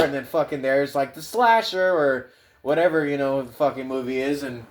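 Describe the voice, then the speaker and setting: A man rambling through a casual podcast monologue, swearing freely as he goes. His voice sits a little high for a man. The delivery is loose and meandering. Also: a little fast. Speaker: podcast host.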